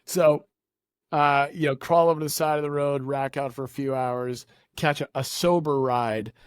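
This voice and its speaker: Man, podcast guest, casual animated storytelling, middle pitch, dry close sound. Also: normal speed, smooth, dry recording. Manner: animated, acts out quoted voices.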